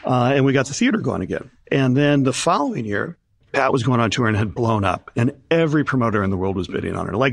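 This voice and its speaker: An older man recounts his early days as a promoter, jumping into other people's voices as he tells it. His pitch leaps high for the quoted lines, then settles back. The sound is dry and close, with no room behind it. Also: vocal fry, no echo. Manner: animated storyteller acting out quoted voices. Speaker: concert promoter. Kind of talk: storytelling in an interview.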